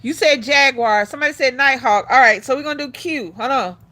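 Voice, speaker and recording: Speaking a little fast in a high, sharp voice, a woman chats casually with her livestream viewers, addressing them as "y'all." At one point she turns to her dog and coaxes it in a sing-song tone.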